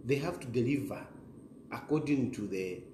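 A man's voice: mid-range voice, animated, moderate pace. A middle-aged Zambian man hosting a direct-to-camera political monologue, combative and repetitive, switching between English and Bemba. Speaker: political commentator, show host. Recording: roomy echo, faint background hiss.

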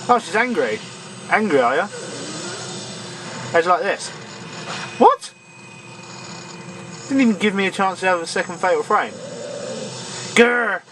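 A man's voice: high voice, noisy background. A young man doing gameplay commentary, grumbling in exasperation and scolding the enemies on screen. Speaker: let's play gamer.

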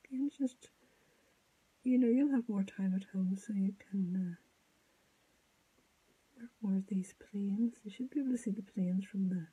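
A woman giving a step-by-step sculpting tutorial, thinking aloud as she works, halting and often dropping to a murmur. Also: medium pitch, warm tone, husky, rough recording. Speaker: sculpting teacher.

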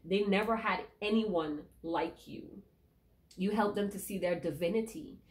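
A tarot reader with a mid-range voice gives her viewers an emotional reading at a measured pace. She speaks emphatically and repeats key lines.

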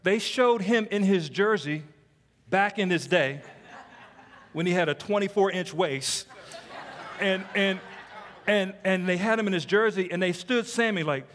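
A man preaching as a pastor, telling stories in an animated way and teasing the congregation with playful asides. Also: high voice, moderate pace. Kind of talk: sermon. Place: church sanctuary. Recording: long hall reverb.

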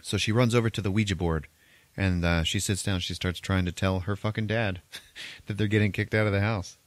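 A man with a very low voice retells a film plot in a casual, rambling podcast chat, swearing freely and laughing as he goes. The sound is close and dry, with little room around it. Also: steady tone, fairly quick, dry recording. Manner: profane, laughing, rambling storyteller. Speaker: podcast host. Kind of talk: casual movie recap.

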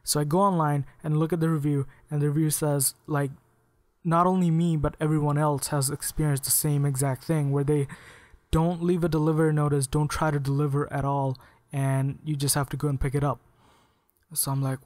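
A man's voice: a little high, steady tone, moderate pace, a little mellow, no echo. A man ranting angrily at home, swearing often and sounding exasperated. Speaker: vlogger. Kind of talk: angry rant to camera.

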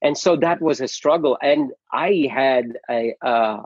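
A middle-aged man from the Philippines speaks with a husky, breathy tone and earnest feeling, often restarting and repeating words as he tells his story. His voice comes over a muffled, lo-fi video call with a dry, close sound. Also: medium pitch, unhurried, no room sound. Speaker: actor, interview guest. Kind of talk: casual interview storytelling.

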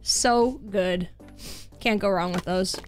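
A woman's voice: medium pitch, slow pace, faint music behind. A Canadian woman streaming a game, chatting casually with her viewers and reading their messages aloud. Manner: chatty, reads chat aloud, laughs easily. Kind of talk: casual chat while gaming.

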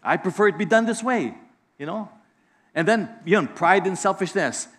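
Pastor, middle-aged male, high voice, animated preaching with acted-out voices. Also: moderate pace. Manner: lively preacher, acts out voices in anecdotes. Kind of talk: sermon.

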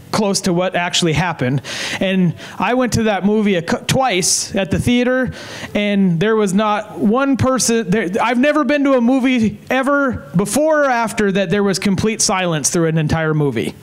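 A male evangelist preaching a revival sermon in a high, light voice. He is fervent and repeats key phrases. He slows to a deliberate pace when he wants a point to sink in. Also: low-quality recording. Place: evening service in a tent.

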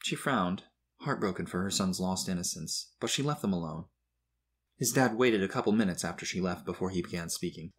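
A low-pitched man reads a children's story aloud in storybook narration, measured and expressive. His tone is husky and somewhat breathy.

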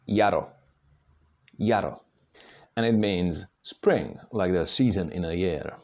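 A man's voice: deep voice, unhurried, darkish tone. A Czech man teaching pronunciation patiently, step by step, sounding out words for learners. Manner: patient, demonstrating sounds aloud. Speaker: language teacher. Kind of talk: slow step-by-step pronunciation lesson.

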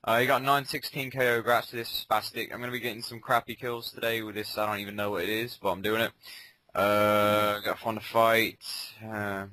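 A young man commenting on his own gameplay, muttering asides and breaking into sudden ranting shouts. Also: lowish voice, level tone, brisk, no room sound, low-quality recording. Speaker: gaming commentator. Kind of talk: casual game commentary.

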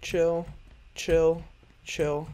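A man's voice: a little high, level tone, very slow, very noisy. Frantic, cursing young gamer guy. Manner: frantic, profane, repeats himself in panic. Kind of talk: let's play commentary. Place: bedroom at home.

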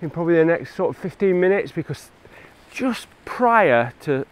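An English landscape photography vlogger films casually on a mountain, talking enthusiastically while he hikes and shoots. His fairly high voice is very animated at a moderate pace, and the recording is rough.

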